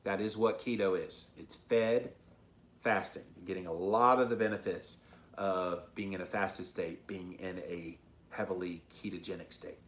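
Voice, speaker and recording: A man's voice: low-pitched, steady tone, normal speed. A man hosting a casual livestream, reading out viewer comments and answering them in an upbeat, chatty way. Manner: upbeat, chatty, frequent ums and uhs. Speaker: host of a diet livestream. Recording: roomy echo.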